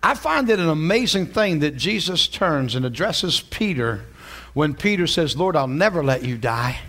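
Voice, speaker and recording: A man preaching, his voice pitched high and moving all over its range as he talks. He asks the congregation question after question and shifts between slow, quiet stretches and loud, emphatic ones, with laughing asides. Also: sing-song. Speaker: pastor. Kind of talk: sermon.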